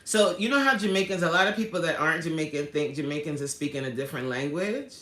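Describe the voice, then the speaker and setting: Woman, livestream host, animated slangy chat, bright forceful voice, roomy echo. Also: sits low, fast. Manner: animated and chatty, laughs a lot, slangy street talk. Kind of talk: casual live chat, reading out viewer comments. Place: indoor room at home.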